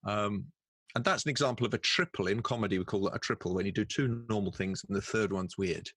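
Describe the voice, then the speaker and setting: Man, middle-aged, from England, low voice, dry close sound, wry storyteller. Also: fairly bright tone, husky, no echo. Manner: jokey storyteller, quick wry asides. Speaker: guest, professional speaker and announcer. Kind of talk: casual conversational interview. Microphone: video call.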